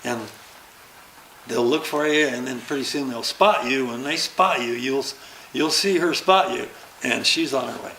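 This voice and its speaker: An older man, an interview guest, telling anecdotes in casual chat and acting out the dialogue he quotes. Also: medium pitch. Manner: lively storyteller who acts out quoted dialogue. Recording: roomy echo with faint background noise.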